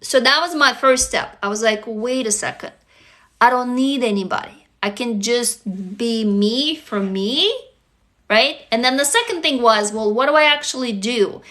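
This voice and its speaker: Earnest, bright-voiced woman livestreamer. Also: a little high, moderate pace. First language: not English. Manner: earnest, confessional, addresses viewers directly. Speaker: livestream host. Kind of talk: casual heartfelt livestream talk.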